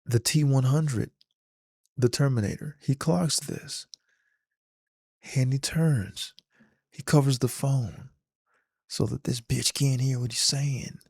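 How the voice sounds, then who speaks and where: A man casually retelling a movie scene in an animated, slangy storytelling manner. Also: mid-range voice, takes it slowly, vocal fry, pauses often, breathy edge, no echo, clean studio sound. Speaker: vlogger.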